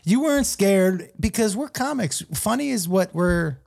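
A man's voice: sits high, a little slow, gravelly. A man who is a comedian, guest on a podcast, telling stories in casual, profane chat. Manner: animated, profane storytelling.

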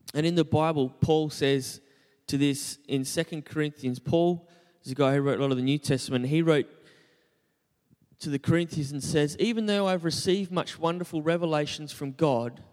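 Young guy preaching, kinda high voice, casual and jokey, lots of reverb from the church hall. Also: a little mellow. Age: young adult. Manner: conversational, self-deprecating, asks the congregation questions. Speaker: pastor. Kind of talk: sermon.

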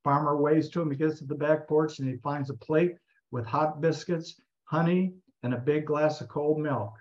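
A man telling a story in a talk, narrating in an animated way and voicing the people in it. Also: on the high side, normal speed. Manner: animated narration with voiced quotes. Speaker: speaker. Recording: slightly muffled recording.

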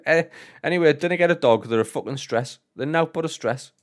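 A Northern English man co-hosting a podcast, telling an animated story full of swearing and frequent laughter. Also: on the high side, brisk. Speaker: podcast co-host. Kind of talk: casual chat, storytelling.

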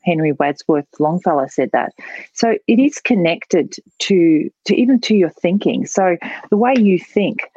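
A woman's voice: on the low side, lively intonation, measured pace, mellow, husky. A woman, a public speaking trainer, explaining voice tone as a guest in a podcast interview. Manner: explanatory, demonstrating voice types. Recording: dull lo-fi dry sound.

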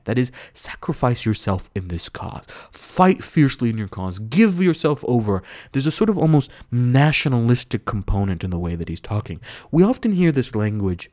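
A man's voice: medium pitch, sing-song, normal speed, a little mellow, dry recording, clean studio sound. A man with an American accent giving an earnest, explanatory history lecture, with the odd restart and filler.

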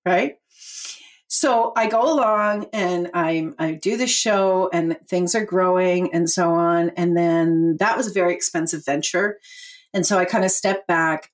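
A middle-aged woman telling her life story as a podcast guest, animated and laughing often as she acts out what she and others said. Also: on the low side, normal speed. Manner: animated, laughs often, quotes herself in voices.

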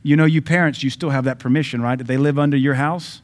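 A man delivers a sermon from the pulpit, his mid-pitched voice pressing each point hard. He swings between loud, insistent declarations and softer, drawn-out asides. It is plain church preaching, forceful and direct. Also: steady tone. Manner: emphatic preaching with sudden loud and soft swings. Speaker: pastor.

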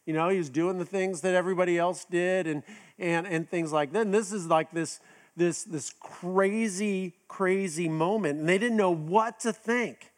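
A middle-aged man preaching a sermon in a conversational way, with many restarts, now and then acting out quoted voices. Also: normal speed. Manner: acts out quoted voices with raised pitch. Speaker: pastor.

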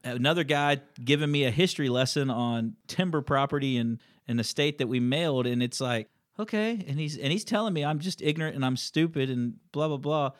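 A man's voice: mid-range voice, animated, brisk, no room sound, studio quality. A man telling stories from his land-buying business in a casual conversation. He acts out phone calls as he tells them. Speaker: land investor guest.

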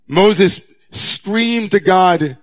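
A man, a rabbi, preaching a sermon to his congregation, moving from hushed near-whispers to raised, intense passages. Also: high-pitched, extremely slow. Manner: dramatic, swings from hushed to raised voice.

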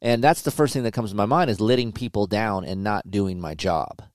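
A man's voice: fairly low pitch, brisk, no echo. Middle-aged male podcast host, blunt and swearing, dry studio sound. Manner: candid, profane, animated storytelling. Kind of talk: casual chat.

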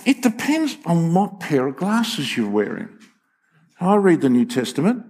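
An older man preaching a sermon to his congregation, animated and joking, with emphatic peaks. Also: on the high side, measured pace. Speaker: pastor. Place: church hall with congregation.

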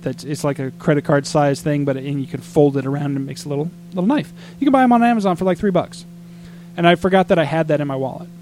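This Arizona man talks quickly in a voice on the high side, slightly raised as he winds through a rambling travel tale on a laid-back podcast. Getting animated and exasperated, he slips into mocking impressions of what others said. A faint hum sits underneath.

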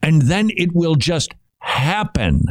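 A man's voice: fairly high pitch, big pitch swings, slow, no echo, clean studio sound. A man hosting a Christian talk show, giving earnest casual commentary on Bible passages, often stammering and restarting mid-thought. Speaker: Christian podcast host.

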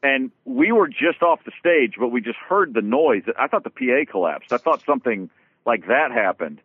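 Man, casual storytelling, halting restarts, swearing, tinny phone-like sound, dry. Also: mid-range voice, lively intonation, husky, dry recording. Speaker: guest musician.

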